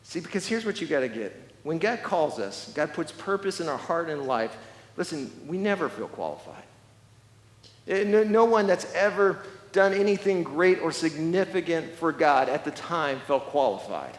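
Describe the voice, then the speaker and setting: A man with a high voice preaches a sermon in a big, echoing church hall. He presses his points hard, doubling words and restarting phrases as he goes. A long reverb trails behind every line. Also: very animated, normal speed. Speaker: pastor.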